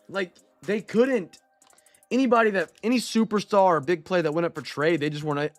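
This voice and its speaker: A man hosting a live-streamed trading card break, chatting casually with viewers and reading out player names as he goes. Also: on the high side.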